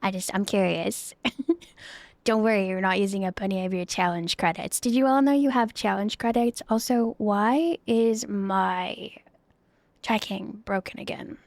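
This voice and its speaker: A woman's voice: medium pitch, a little slow, creaky, dry recording. A young woman livestreaming, chatting casually and giggly with her viewers into a close desk microphone. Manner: bubbly and giggly, chatty asides. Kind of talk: casual chat with live viewers.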